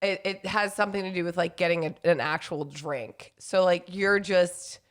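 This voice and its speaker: A woman's voice: on the low side, fairly even intonation, normal speed. A young woman co-hosting a podcast, chatting casually, teasing and laughing often. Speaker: podcast co-host. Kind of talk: casual chat.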